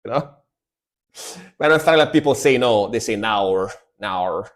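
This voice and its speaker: A man's voice: medium pitch, normal speed. A man streaming music reactions, talking casually and laid back and repeating words for emphasis.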